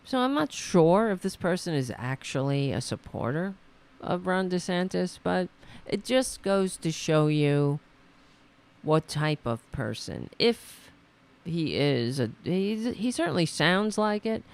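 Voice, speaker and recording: A woman hosts a political talk show in a slow, unhurried way, her voice full of gravelly fry. She mocks her targets sarcastically and rambles, often restarting her sentences. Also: lowish voice, sing-song, a little mellow. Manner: sarcastic, mocking. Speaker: host. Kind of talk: political commentary. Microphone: computer mic on a call setup.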